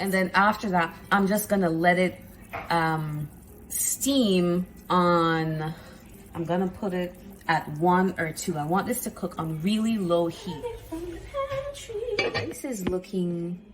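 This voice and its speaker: Slow-talking woman cooking at home. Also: fairly low pitch, low-quality recording. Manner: chatty, talks viewers through each step with approving hums. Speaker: home cook and vlogger. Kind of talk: casual cooking demonstration. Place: home kitchen.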